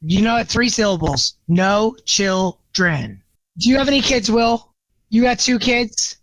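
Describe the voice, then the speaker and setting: A man from Pennsylvania, a podcast guest, chatting in an animated, enthusiastic way. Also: sits high, measured pace, no room sound, low-quality recording. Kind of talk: casual podcast chat.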